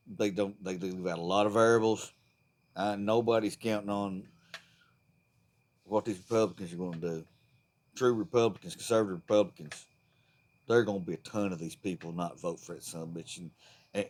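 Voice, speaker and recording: A man's voice: low-pitched, a little mellow. A man delivering a profane, fired-up, rambling political rant to the camera. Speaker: vlogger.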